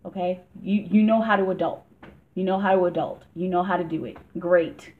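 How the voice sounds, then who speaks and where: A woman's voice: on the low side, fairly even intonation, moderate pace. A woman giving a casual tarot reading for a vlog, chatty and emphatic, laughing often. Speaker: tarot reader. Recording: tinny phone-like sound.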